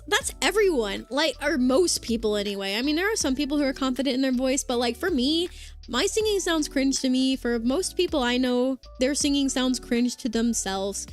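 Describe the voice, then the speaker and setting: In this casual livestream, a young vtuber chats at a normal pace in a high, lively voice, her throat sore from hours on air. Faint music sits under her rambling, filler-heavy talk, thick with "like" and "um," as she reads chat out loud.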